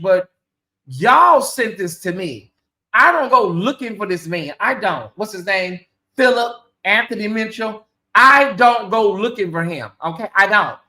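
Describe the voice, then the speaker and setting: Bright-voiced, emphatic woman commentator. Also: medium pitch. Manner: animated, emphatic, sarcastic. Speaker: commentary channel host. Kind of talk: casual commentary to viewers.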